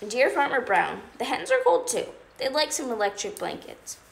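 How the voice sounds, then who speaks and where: A woman reading a children's picture book aloud on a storytime livestream, expressive and playful. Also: on the high side, normal speed, creaky. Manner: expressive read-aloud with funny animal sounds and asides. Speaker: storytime reader. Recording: echoey room, faint background noise.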